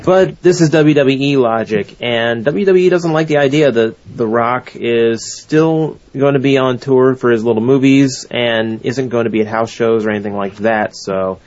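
A man's voice: medium pitch, a little mellow. A man co-hosting a casual wrestling podcast, swearing freely with a wry, exasperated manner. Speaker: podcast co-host. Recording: dull lo-fi audio.

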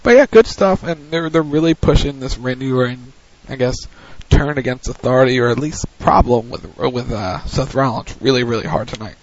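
Man recapping wrestling in dull audio. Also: medium pitch. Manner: recounts events in a hurried play-by-play, with frequent restarts. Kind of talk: casual recap commentary.

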